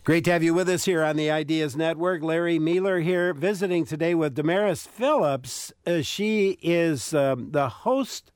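A man hosting a public radio call-in show and interviewing a guest in a relaxed, friendly way. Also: a little high, normal speed, few pauses, smooth, no echo, studio quality. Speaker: radio talk show host. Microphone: studio microphone.

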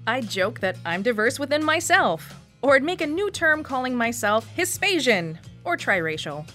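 A woman's voice: fairly high pitch, big pitch swings, moderate pace, hardly any pauses, fairly bright tone, faint music behind. A woman in her forties with a Wisconsin accent, reading her own personal essay in a reflective storytelling manner for radio. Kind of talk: scripted personal essay narration.

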